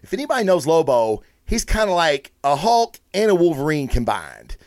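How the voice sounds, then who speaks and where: The host of a comic book review show, a man with a slightly high voice, rambles excitedly through the plot at a moderate pace, swearing freely. It's a casual solo review recorded dry and close, with no room echo.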